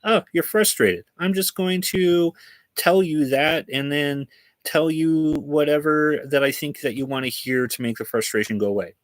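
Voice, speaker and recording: A man's voice: on the high side, moderate pace, no room sound, pitched above the performer's own voice, lightly acted. A man mockingly voicing a fawning, evasive AI chatbot assistant in a sarcastic, singsong tone.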